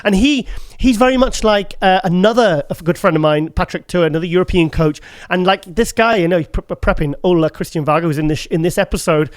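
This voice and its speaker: A man's voice: sits high, a little fast, few pauses, dry recording. A man hosting a podcast, chatty and joking with his co-host. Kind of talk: casual chat.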